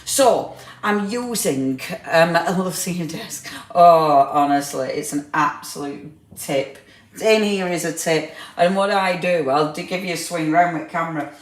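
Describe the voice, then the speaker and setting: A woman's voice: fairly low pitch, unhurried, echoey room. A woman hosting a crafting livestream from her craft room. She chats casually with viewers, laughs often and teases them. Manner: chatty, laughs often, teasing. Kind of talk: casual live chat with viewers.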